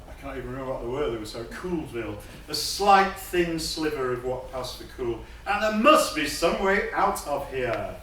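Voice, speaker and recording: A man giving a keynote lecture in a lively, playful way, sprinkling in hip slang. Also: on the high side, slight background noise. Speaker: keynote speaker. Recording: distant voice in an echoey hall.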